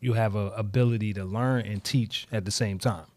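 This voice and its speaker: Calm man explaining, dry close mic. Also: on the low side, moderate pace, no room sound. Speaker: podcast guest. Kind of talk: casual chat.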